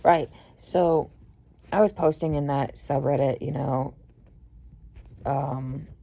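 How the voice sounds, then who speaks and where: A young woman with a low, gravelly voice and a dark, mellow tone tells a rambling story full of fillers and swearing. She mostly sounds low-key and tired, then flares up loudly. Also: steady tone, slow. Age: young adult. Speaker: vlogger. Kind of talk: casual storytelling rant.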